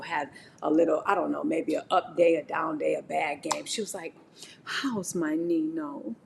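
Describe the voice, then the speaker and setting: Gravelly-voiced woman preaching to her live chat. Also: low-pitched, slight background noise. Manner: animated, preachy, talks straight to the chat. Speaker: live-stream host. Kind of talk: motivational faith talk on a live stream.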